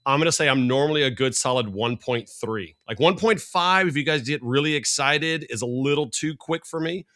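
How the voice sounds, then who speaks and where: A middle-aged man, a sports analyst guest, talking fast and rambling in casual podcast chat. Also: a little high, fairly bright tone.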